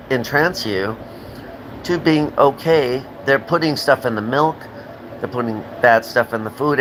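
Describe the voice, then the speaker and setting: A man's voice: mid-range voice, fairly bright tone, a little hiss or hum, poor audio. An American man hosting a live stream, ranting in a rambling, profane and heated way and answering viewers' comments. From United States. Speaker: livestream host.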